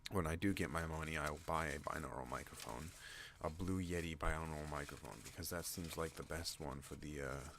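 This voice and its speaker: Man, very deep voice, rambling ASMR host, goes off on tangents, faint hiss behind. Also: brisk, few pauses. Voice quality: deep relaxed voice. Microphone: non-binaural desk microphone.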